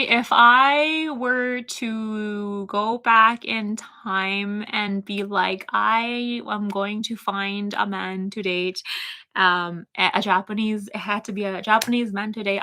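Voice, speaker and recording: A woman's voice: mid-range voice, fairly even intonation, slow, sharp tone. A young woman with a Toronto accent, chatting casually on a live stream, reading out her chat and rambling with lots of fillers and little giggles.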